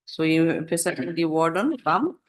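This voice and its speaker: A man with an Indian English accent serving as a judge, briskly dictating court orders and putting short questions to counsel. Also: fairly high pitch, very animated.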